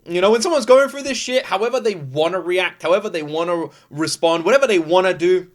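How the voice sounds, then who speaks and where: A young British man from the UK, chatting excitedly as a reaction video host, quick to laugh and full of fillers. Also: sits high, a crowd in the background. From United Kingdom. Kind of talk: casual reaction commentary.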